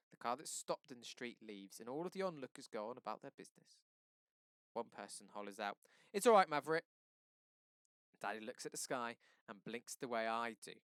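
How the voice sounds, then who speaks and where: A male teacher reading a novel aloud for a lesson, steady, with quick self-corrections and asides. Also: lowish voice, clean tone, no echo.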